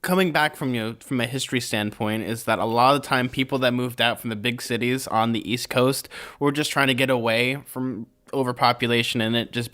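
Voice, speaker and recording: A man's voice: medium pitch, fairly bright tone. A young man from California co-hosting a casual podcast, rambling and easygoing with lots of filler words. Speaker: podcast co-host. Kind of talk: casual chat.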